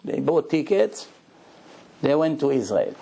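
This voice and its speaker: A male rabbi telling a story in a lecture, animated and acting out the dialogue in broken English. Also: fairly high pitch, unhurried, vocal fry. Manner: broken, non-native-sounding English grammar.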